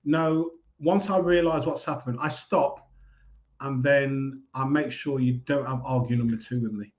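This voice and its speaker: A man giving calm, measured advice in a casual talk. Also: medium pitch, highs cut off. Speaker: speaker giving life advice.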